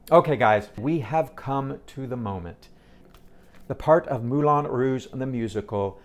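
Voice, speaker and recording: A man's voice: mid-range voice, gravelly, darkish tone. A man reviewing a theater show to camera, retelling scenes in an impassioned, emphatic way. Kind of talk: casual spoken review to camera.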